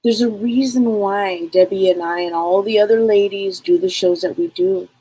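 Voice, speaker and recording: A woman's voice: mid-range voice, fairly even intonation, normal speed, mellow, breathy edge, low-quality recording. A woman hosting a live psychic stream, chatting casually and rambling, greeting viewers by name.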